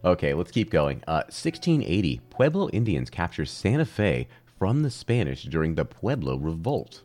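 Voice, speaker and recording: A man co-hosting a casual comedy history chat, animated and jokey, often slipping into silly voices. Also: sits low, moderate pace. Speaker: podcast co-host.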